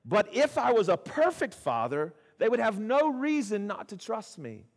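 A man's voice: high-pitched, big pitch swings, normal speed. A male pastor, preaching a sermon in a conversational way, with asides to the congregation and repeated phrases for emphasis. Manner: repeats phrases for emphasis, swings from loud to hushed. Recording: long hall reverb.

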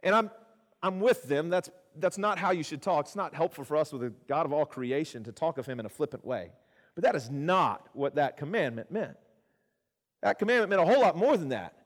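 A man's voice: fairly high pitch, animated, brisk. A male pastor, preaching a sermon in a conversational way, with asides to the congregation and repeated phrases for emphasis. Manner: repeats phrases for emphasis, swings from loud to hushed. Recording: long hall reverb.

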